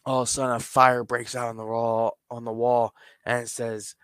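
A man's voice: mid-range voice, little pitch movement, normal speed, fairly bright tone, smooth, dry recording. A man hosting a podcast, casually narrating a toy wrestling storyline play by play. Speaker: podcast host.

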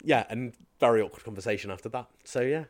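Lively man telling stories on a podcast. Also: mid-range voice, fast, no echo. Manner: animated storyteller who slips into mimicking accents. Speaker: fitness and mindset coach, podcast guest. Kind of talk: casual podcast chat.

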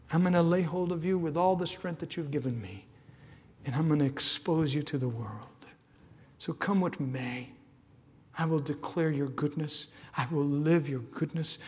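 Impassioned male preacher, slightly high voice, big church reverb. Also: slight background noise. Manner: impassioned, swings from shouting to hushed. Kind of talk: sermon. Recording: long hall reverb.

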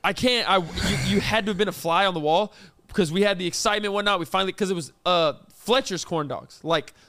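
High-voiced animated man telling a story. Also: quick pace. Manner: animated, incredulous storytelling with mock-outraged asides. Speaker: podcast co-host. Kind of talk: casual storytelling chat.

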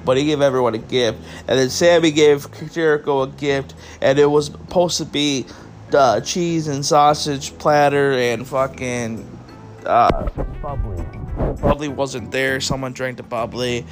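A tired man hosting a solo podcast, talking loosely and rambling straight to his listeners, with a bit of swearing thrown in. His voice sits at an ordinary middle pitch. Faint music plays quietly behind him. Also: unhurried. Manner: casual, rambling, swears, addresses listeners as guys. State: tired, yawning. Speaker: podcast host. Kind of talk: solo wrestling review podcast.

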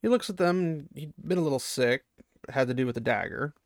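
A man's voice: mid-range voice, quick pace, dry recording, studio quality. A man reading a fantasy novel aloud and then chatting casually about the chapter, building up intensity on the battle lines. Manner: reads the battle with rising intensity, then chats excitedly with fans. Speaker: book reader and commentator. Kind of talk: dramatic reading mixed with casual commentary.

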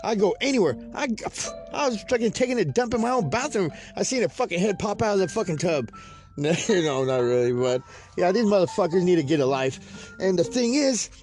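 High-voiced man swearing through a rambling story. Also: very animated, fairly quick, darkish tone, soft background music. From California Central Valley. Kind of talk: casual profane storytelling monologue.

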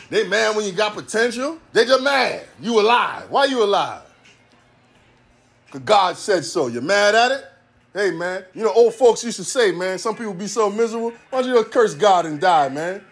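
A man's voice: sits high, lively intonation, normal speed, creaky, a bit bright, soft background music. A man in his forties from Ohio, hosting a casual monologue in a profane, rambling way with a preacher-like cadence. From Ohio, USA. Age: 40s. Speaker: podcast host.

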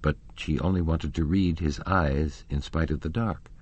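A man narrating a classic novel as an audiobook reader, with measured, expressive storytelling. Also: a bass voice, husky.

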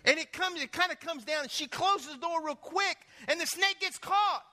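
A man preaching a sermon as pastor, telling lively stories and putting questions to the congregation. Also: very high-pitched, normal speed, long reverb tail. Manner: animated storytelling, asks the congregation questions.

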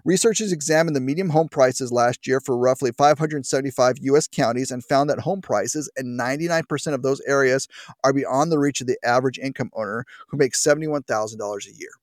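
A man's voice: dry recording, clean studio sound. A man hosting a political talk radio show, mocking the news with wry, sarcastic asides. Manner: sarcastic, wry asides, big pitch swings. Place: radio studio.

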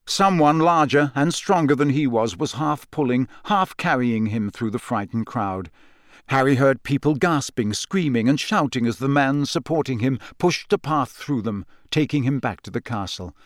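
A man reading a novel aloud as narrator, in a measured, steady manner. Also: mid-range voice, dry recording, studio quality. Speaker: audiobook narrator. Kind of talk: scripted narration.

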